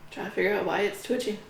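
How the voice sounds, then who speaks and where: A woman playing a tabletop game, playful, giggly and excitable. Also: mid-range voice, creaky, a little hiss or hum. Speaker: player. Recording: roomy with faint music.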